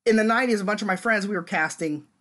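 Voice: mid-range voice, fast talker, a bit bright. A podcast co-host in their forties, chatting casually and laughing often. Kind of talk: casual chat.

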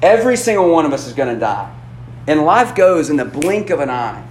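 A youth pastor with a fairly high voice preaches in an easy, conversational way, restarting his sentences and sprinkling in "like" and "man". The sound is echoey, as in a church hall, with faint room noise underneath. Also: very animated. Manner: casual and conversational, with frequent "like" and "man" and quick restarts. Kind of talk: lively youth sermon.

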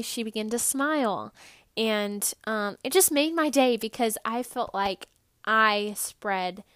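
A young woman hosts a motivational podcast with a bubbly, earnest delivery. Her voice sits a little high and is recorded dry and close, with no room sound. She tells her stories with animated energy. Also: smooth, dry recording. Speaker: podcast host. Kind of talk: upbeat motivational podcast talk.

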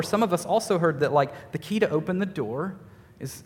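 Young male preacher, animated and self-mocking, slightly high voice, reverberant hall. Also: normal speed. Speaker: youth pastor. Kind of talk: sermon with personal storytelling.

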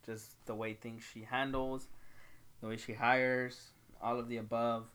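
A man's voice: medium pitch, flat delivery, unhurried, a bit bright, clear, resonant tone. A man chatting casually as co-host, giving blunt, matter-of-fact opinions. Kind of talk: casual chat.

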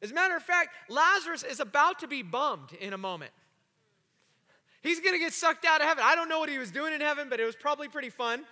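A pastor preaching a sermon to his congregation, animated and joking with the room. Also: very high-pitched, fast. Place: church sanctuary. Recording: long hall reverb.

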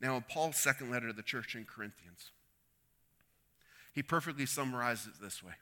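A man's voice: mid-range voice, a little fast, pushed and bright, big-room sound. A man preaching a sermon, telling a story and acting out the quoted lines with rising and falling intensity. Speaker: pastor.

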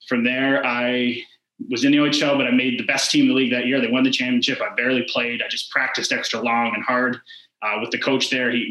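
A man's voice: medium pitch, bright, forceful tone. A man in his twenties, a former hockey player, telling his story in a casual interview. He rambles and fills his talk with "like" and quoted back-and-forth. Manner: rambling, heavy use of "like" and quoted dialogue. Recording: echoey room.

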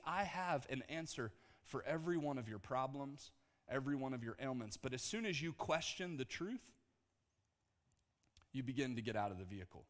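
A man preaching a lively sermon to his congregation, mixing calm teaching with jokes and bursts of shouting. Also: mid-range voice. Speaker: pastor. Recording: long hall reverb.

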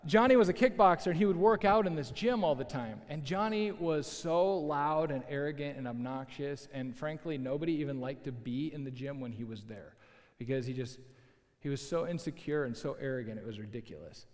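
A man preaching a sermon as a pastor, telling a story in a lively, conversational way with asides to the listeners. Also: on the high side, a little fast. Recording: long hall reverb.

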